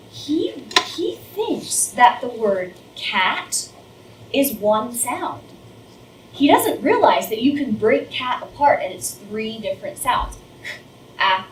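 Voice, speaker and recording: A middle-aged woman teacher lectures other teachers, acting out speech sounds as she explains them. Her voice sits a little high. She was recorded from a distance in an echoing room with a faint hiss underneath. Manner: explains with demonstrations, overemphasizes sounds. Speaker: first grade teacher. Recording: roomy, distant, faint noise.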